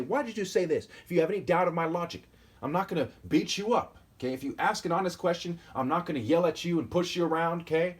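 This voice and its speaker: A man in his forties with a husky, slightly rough voice holds forth alone on camera. He reads out verses and then rants about them, combative and insulting. He keeps pressing his point with a repeated "okay?". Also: fairly high pitch. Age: 40s. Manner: preachy, keeps asking "okay?". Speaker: self-styled preacher. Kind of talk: solo video monologue reading and commenting on scripture.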